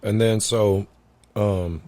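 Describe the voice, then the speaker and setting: A man hosting a podcast in a casual chat, a basketball coach who is blunt and animated, swearing and laughing. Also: lowish voice, slow, a little hiss or hum. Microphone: podcast microphone.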